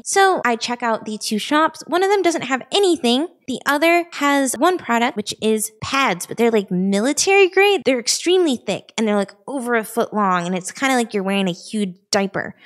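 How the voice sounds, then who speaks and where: A young woman narrating a personal story in a casual, animated, exasperated way. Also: a little high. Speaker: vtuber storyteller.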